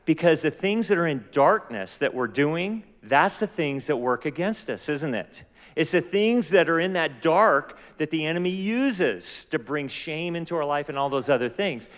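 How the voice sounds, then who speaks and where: A man's voice: fairly high pitch, lively intonation, normal speed. A man preaching a sermon as pastor, earnest and often asking his listeners questions. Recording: long hall reverb.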